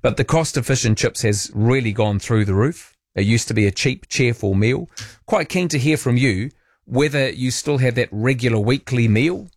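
Male NZ talk radio host, mid-pitched, dry close sound, chatty and musing, leans on tag questions. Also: moderate pace, no echo. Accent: New Zealand. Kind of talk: casual talk radio monologue.

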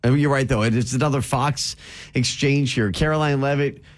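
A man's voice: medium pitch, moderate pace. A man co-hosting a casual news chat, talking emphatically with teasing rhetorical questions. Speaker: radio show co-host.

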